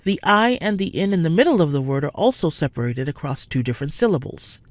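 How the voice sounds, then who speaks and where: A woman narrating a scripted French pronunciation lesson, speaking clearly and slowing down to model each sound. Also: sits low, lively intonation, dry recording.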